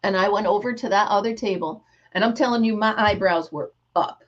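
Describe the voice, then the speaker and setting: A middle-aged woman runs a relaxed craft livestream, her medium-pitched voice moving a little quickly over muffled audio. She tells stories with lots of animation and reads out viewers' names as she greets them.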